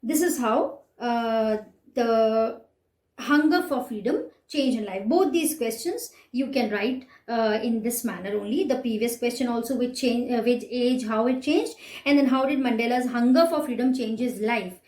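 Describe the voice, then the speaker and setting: A woman's voice: fairly high pitch, moderate pace, a little mellow. A woman with an Indian English accent teaching a class, patiently explaining exercises and often checking in with "right?". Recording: echoey room, voice slightly distant from mic.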